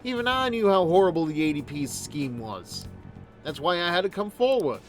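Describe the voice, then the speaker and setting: A man's voice: high-pitched, sing-song, normal speed, faint music behind. A man voicing an earnest young woman fortune teller, talking solemnly and from the heart, now and then slipping into a blunt country dialect while reading game dialogue aloud on stream.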